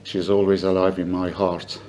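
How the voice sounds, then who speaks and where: An older man giving a halting, emotional memorial speech for his mother. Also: sits low, level tone, a little hiss or hum. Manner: halting, emotional, soft-spoken. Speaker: family member giving a eulogy.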